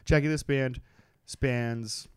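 A man's voice: medium pitch, steady tone, slow pace, clear, resonant tone, dry recording, studio quality. A man co-hosting a casual podcast, rambling with lots of fillers and joking around with swearing. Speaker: podcast co-host. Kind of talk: casual chat.

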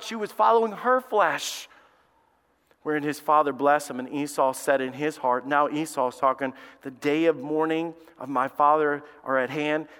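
A male pastor preaching a sermon. He reads scripture in a lower, quieter voice and then builds to loud, impassioned questions. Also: smooth, long reverb tail.

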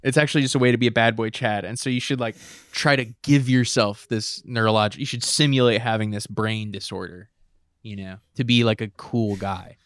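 A man's voice: lowish voice, steady tone, fairly quick, smooth, dry recording. Mocking male podcast co-host, dry sound. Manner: mocking, laughs often. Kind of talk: casual chat.

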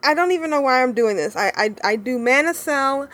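A woman co-hosting a gaming podcast in casual chat, bubbly and excitable, laughing often. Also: high-pitched, brisk. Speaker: podcast co-host.

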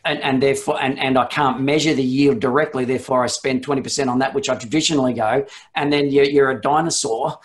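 A man's voice: mid-range voice, fairly even intonation, fast talker, hardly any pauses. A middle-aged man hosting a casual business conversation. He asks long, winding questions and challenges his guest's answers in an easygoing way. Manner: probing, rambling questions. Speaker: host.

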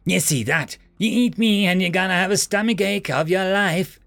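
A man voicing a brash, reckless young fighter who talks loud and cocky. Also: on the high side, wildly swooping pitch, slow pace, slightly rough, soft background music, exaggerated voice. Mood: defiant.

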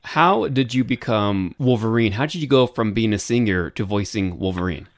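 A man's voice: on the low side, lively intonation, moderate pace, dry recording, clean studio sound. A man hosting an interview, asking brief questions and giving short affirmations. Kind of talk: casual interview.

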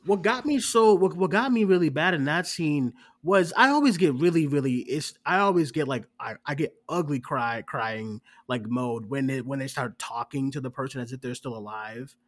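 A man's voice: medium pitch, moderate pace, few pauses. A man co-hosting a casual movie reaction show, telling his theater experience with lots of energy, acting out lines and laughing. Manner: animated storyteller, acts out quotes, swears, laughs often.

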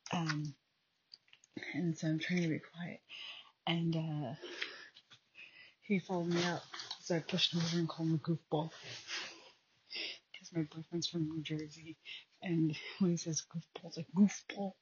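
A young adult woman hosting a casual solo podcast from home at night, talking quietly and rambling with many fillers into a phone. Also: sits low, level tone, unhurried, pauses often, slight background noise. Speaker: podcast host. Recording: dull lo-fi phone recording.

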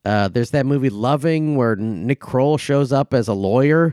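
A man's voice: medium pitch, normal speed, mellow, dry recording, clean studio sound. A man co-hosting a comedy movie podcast, rambling through a casual review with lots of ums and profane outbursts. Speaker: podcast co-host.

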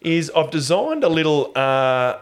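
A man with an Australian accent hosting a podcast in casual chat, talkative and quick to laugh. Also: fairly high pitch, very animated, clean tone. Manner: chatty, laughs often, loose with restarts. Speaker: podcast host.

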